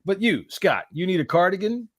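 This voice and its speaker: A man's voice: high voice, sing-song, fairly quick, dry recording, studio quality. A middle-aged man hosting a podcast in casual chat, laughing often and swearing as he banters. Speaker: podcast host.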